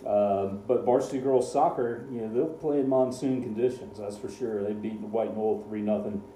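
Sports co-host, male, very dark mellow tone, roomy echo with faint hiss; reads scores, dry asides. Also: lowish voice, moderate pace. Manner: rattles off scores, dry sarcasm. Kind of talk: casual radio sports chat.

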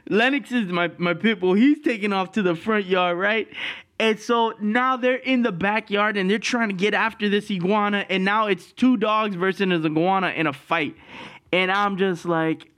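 A man's voice: high-pitched, moderate pace, a bit bright. A man hosting a podcast, telling a story in a casual, profane way and laughing through it. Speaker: podcast host.

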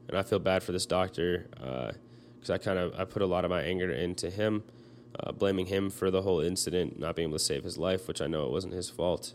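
Young guy, kinda low voice, choked up, lots of uhs and restarts while he tells it. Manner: halting, many fillers and restarts. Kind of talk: personal storytelling.

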